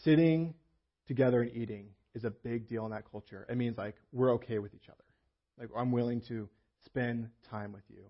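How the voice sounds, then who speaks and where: A man preaching in an easy, conversational way, often acting out what people in the story might say. His voice is slightly husky and sits at a middle pitch. The recording is muffled and lo-fi. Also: a little fast. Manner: conversational, acts out quoted voices. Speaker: pastor. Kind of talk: sermon. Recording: muffled lo-fi sermon audio.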